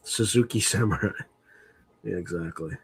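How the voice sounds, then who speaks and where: Low-voiced man rambling on a livestream. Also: normal speed, gravelly, husky. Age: middle-aged. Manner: rambling, muttering while reading chat. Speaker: livestream host. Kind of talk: casual livestream chat.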